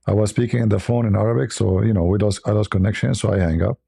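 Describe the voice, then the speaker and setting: Gravelly, husky-voiced male stream host. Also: lowish voice, fast, dark tone, dry recording, clean studio sound. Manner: chatty, laughs at his own stories. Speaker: livestream host. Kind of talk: casual live-stream chat.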